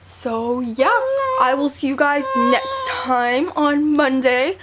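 A woman's voice: high-pitched, big pitch swings, takes it slowly, a bit bright, a little hiss or hum. A teenage girl chatting casually to her camera at home, often cooing to her baby in a sing-song voice. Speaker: vlogger. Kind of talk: casual vlog talk. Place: home, indoors. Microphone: camera set down nearby.

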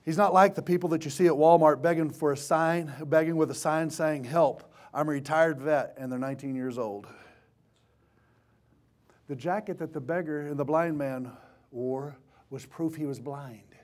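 A man preaching a sermon in a church, swinging from impassioned shouting to hushed tones. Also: on the high side, moderate pace. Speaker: pastor.

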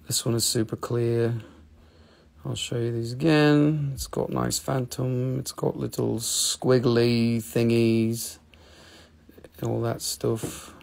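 A man's voice: mid-range voice, vocal fry, a little mellow. A man hosting a live stream that sells minerals, chatting and joking with viewers as he shows his stones. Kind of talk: live sales stream chat.

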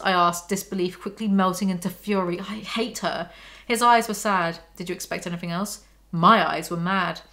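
A woman's voice: lowish voice, normal speed, pushed and bright. A woman reviewing a novel, reading passages aloud and breaking off into sarcastic, exasperated commentary. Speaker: book reviewer.

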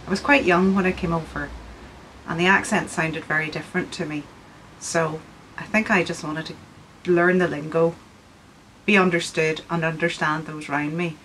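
A middle-aged woman from Scotland, her accent softened by Northern Ireland, leading a friendly art workshop video and explaining things with frequent ums. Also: sits low, steady tone, moderate pace, a little hiss or hum, poor audio. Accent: Scottish with a Northern Irish lilt.

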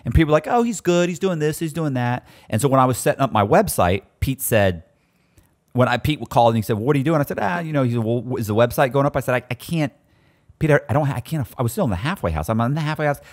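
Animated man telling stories. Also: medium pitch, very fast. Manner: animated, acts out quoted voices. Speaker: storyteller guest. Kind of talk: casual storytelling.

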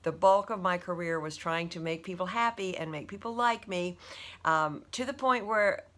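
Bright-voiced tearful woman vlogger. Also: fairly low pitch, moderate pace. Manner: hesitant, with many fillers and restarts. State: teary. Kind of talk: emotional personal confession.

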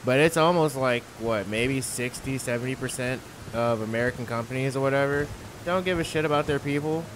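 A man's voice: mid-range voice, fairly quick, background noise. A young man ranting in casual commentary over a video game, heated, profane and rambling. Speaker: gaming YouTuber.

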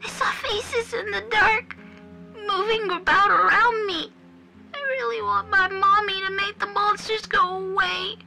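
A woman voicing a frightened three-year-old ghost girl in a horror story, speaking slowly in a small childlike voice. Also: extremely high pitch, fairly even intonation, vocal fry, music in the background, exaggerated voice, low-quality recording. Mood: tearful.

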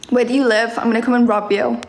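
A woman's voice: a little high, little pitch movement, fast. A young woman streaming live, reading out chat comments and answering them with teasing, sarcastic remarks and frequent laughter.

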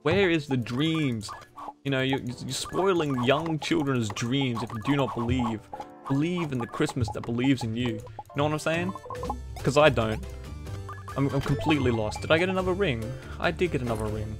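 A man's voice: mid-range voice, normal speed. A man playing a video game and chatting to his viewers in a goofy, joking way. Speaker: gaming YouTuber. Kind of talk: casual let's-play commentary. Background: faint game music.

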